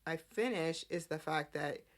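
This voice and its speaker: A female podcast host with a deep voice and measured pace chats casually through a soap opera recap, acting out the characters' lines.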